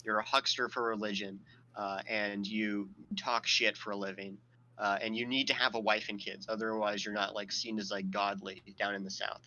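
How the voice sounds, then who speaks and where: A man hosts a casual podcast, telling a long, wandering story loaded with swearing and filler words. His voice is bright and forward. A faint hiss of noise sits under the recording. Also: on the low side, flat delivery, normal speed, lo-fi sound. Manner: rambling and profane, full of fillers; laughs at his own storytelling. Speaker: podcast host.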